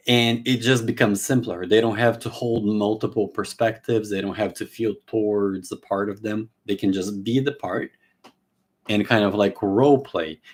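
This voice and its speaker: Lowish-voiced man teaching casually. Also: a little mellow. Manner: explains with acted-out client and therapist dialogue; casual, many fillers and restarts. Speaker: therapy trainer. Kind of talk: live teaching talk.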